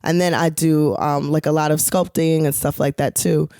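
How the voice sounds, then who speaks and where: Young woman podcast co-host, deep and relaxed, loose casual delivery with lots of fillers. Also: normal speed, no echo, clean studio sound. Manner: chatty, rambling with many fillers. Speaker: podcast co-host, touring singer. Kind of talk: casual chat.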